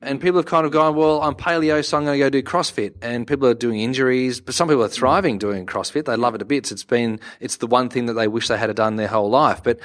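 Casting: male podcast co-host, mid pitch, loose joking delivery. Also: fast, hardly any pauses. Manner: chatty, joking, many fillers. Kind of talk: casual interview chat. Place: conference venue.

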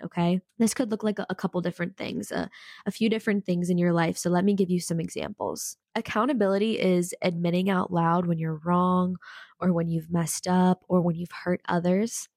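A woman hosting a casual self-help podcast. She is sick with a cold and talks in an energetic, peppy way close to the mic, with frequent mild slang. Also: fairly low pitch, vocal fry, no room sound. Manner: energetic, peppy, says frickin' a lot. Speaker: podcast host. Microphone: studio podcast mic.

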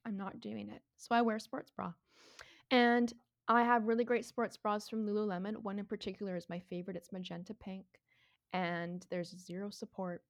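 Animated, swearing woman in her thirties. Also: mid-range voice. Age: 30s. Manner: animated, swears freely, laughs a lot. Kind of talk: casual chat, storytelling.

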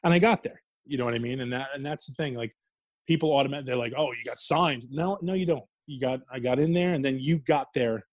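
A man's voice: medium pitch, quick pace, no echo. A man telling wrestling stories in a casual interview, swearing freely and laughing as he goes. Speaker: guest, former wrestler.

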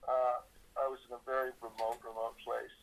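A man's voice: mid-range voice, flat delivery, normal speed, gravelly, rough recording. A man, a musician being interviewed, telling a story in a rambling, casual way with lots of fillers and restarts. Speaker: musician guest.

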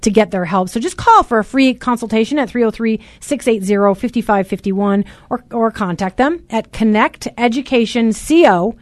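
A loud, chatty woman hosting a casual talk radio show from a studio. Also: fairly high pitch, normal speed, few pauses, no room sound. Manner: loud and chatty, says so herself.

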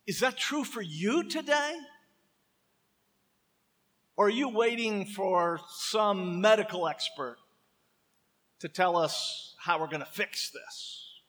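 A man preaching a sermon with impassioned, dramatic emphasis, slowing down to stress key words. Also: high-pitched, fairly bright tone, roomy sound, in a large hall. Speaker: pastor.

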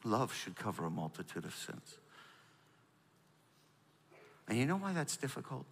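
A middle-aged man preaching a sermon, animated and storytelling, prompting the congregation. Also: medium pitch, measured pace, vocal fry, long reverb tail, a little hiss or hum. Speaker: pastor.

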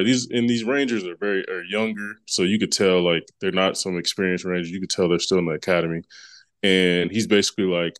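A man's voice: sits low, steady tone, fairly quick, fairly bright tone, no room sound. A man co-hosting a podcast, casually recapping a comic book story in a rambling way with many fillers and restarts. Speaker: podcast co-host.

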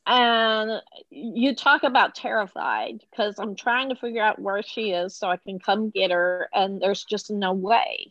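A woman's voice: medium pitch, fairly even intonation, unhurried, fairly bright tone, no echo, highs cut off. A middle-aged woman telling a personal story as a podcast guest, acting out the voices of the people she quotes.

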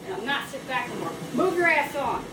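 High-voiced woman ranting bluntly. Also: very animated, fast talker. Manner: blunt, repetitive, profane lecturing; grows louder and more heated. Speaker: vlogger. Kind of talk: ranting to camera. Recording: echoey, distant mic with loud vehicle noise.

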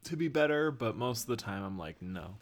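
Very low-voiced wisecracking woman co-host. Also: expressive, a little fast. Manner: wisecracking, blunt, swears casually. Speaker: podcast co-host. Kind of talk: casual podcast chat.

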